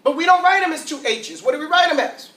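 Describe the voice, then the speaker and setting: A man teaching Arabic to a classroom of students, lively, asking questions and drilling sounds aloud. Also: extremely high pitch, fast. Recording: roomy classroom, mic far off.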